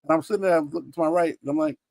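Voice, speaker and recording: A man hosting a live comic auction stream, telling stories in an animated way and swearing freely. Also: fairly high pitch, rapid-fire, creaky, no room sound, low-quality recording. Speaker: comic shop stream host. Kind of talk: casual live auction chat.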